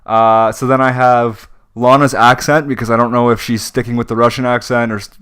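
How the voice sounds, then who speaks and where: A young podcast co-host talks wrestling casually, venting frustration with frequent "like" and "um." He speaks a little fast in a flat, mid-range voice that's a bit bright and clean.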